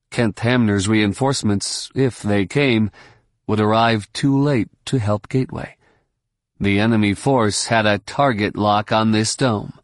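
A man narrating an audiobook in a steady, measured storytelling voice. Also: fairly low pitch, no room sound, studio quality. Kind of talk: scripted narration.

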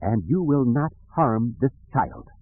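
A man voicing a sweet, grandmotherly female nanny droid who speaks calmly and primly, on a dry, tinny, phone-like recording. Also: mid-range voice, normal speed, slightly rough, dry recording, voice pushed up. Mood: calm, firm. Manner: calm, prim emphasis.

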